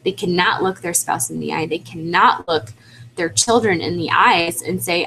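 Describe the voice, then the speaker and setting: In a rough recording with slight background noise, a woman urges on her independent distributors during a motivational webinar, earnest and pleading, casual with fillers and repetitive in her exhortation. She has an animated, somewhat bright mid-range voice and a measured pace.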